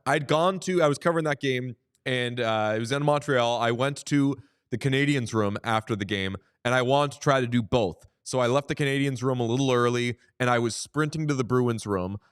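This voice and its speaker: A man co-hosting a sports podcast in casual chat, telling stories with lively acted-out quotes. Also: medium pitch, brisk, smooth. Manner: animated storyteller, acts out quotes. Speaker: podcast co-host.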